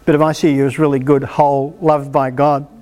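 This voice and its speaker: Man, preacher, sermon, emphatic, exhorting, higher voice. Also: brisk. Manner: emphatic, animated, exhorting the congregation. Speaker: preacher leading a healing meeting.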